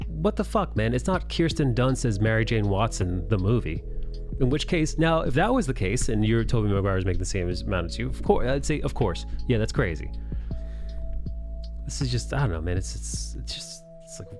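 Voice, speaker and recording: Profane, ranting man with a low voice. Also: lively intonation, moderate pace, over music. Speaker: streamer and artist hosting a live chat. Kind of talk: casual live-stream chat while drawing.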